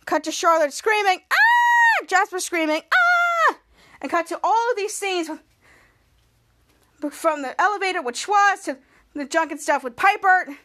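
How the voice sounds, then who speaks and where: A woman podcast host recapping a TV episode scene by scene in a choppy, stop-start way, jumping louder and higher to act out the characters' lines. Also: moderate pace.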